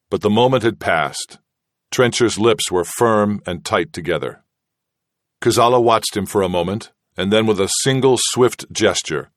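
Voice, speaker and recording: A man reading an audiobook narration in a steady, measured way. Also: on the low side, dry recording, clean studio sound. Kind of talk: scripted narration.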